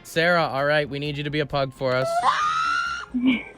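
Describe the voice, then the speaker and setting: A man hosting a morning radio show, running call-in games with brisk, upbeat banter. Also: on the high side, steady tone, raised voice, loud music behind the voice.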